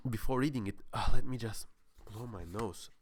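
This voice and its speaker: A man's voice: fairly low pitch, normal speed, fairly bright tone, a little hiss or hum. A man presenting a casual history talk, rambling with many fillers and crude humor, with a sore throat.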